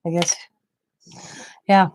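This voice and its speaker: This woman takes her time, her tone darkish, with a little hiss or hum in the background. She's a grandmother who hosts a craft channel, casually telling a rambling personal story and voicing others' quotes herself.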